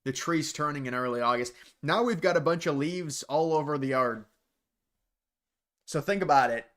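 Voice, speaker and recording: Hosting a casual livestream, this Ohio man works through viewers' questions in a blunt, rambling way, frequently starting over. He speaks at a normal speed in a fairly high, slightly bright voice.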